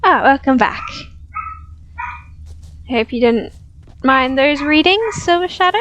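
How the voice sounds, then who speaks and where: High, unhurried woman game streamer. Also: animated, rough recording. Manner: soft-spoken, coos fondly at her dogs. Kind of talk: casual live-stream chat.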